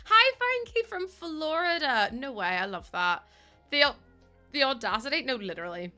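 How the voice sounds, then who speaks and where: A young woman streaming a game, chatting quickly with her viewers while feeling a bit run down. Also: high voice, big pitch swings, bright, forceful tone, soft background music. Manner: fast-talking, chatty. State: under the weather, a bit run down. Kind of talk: casual live-stream chat while playing a game.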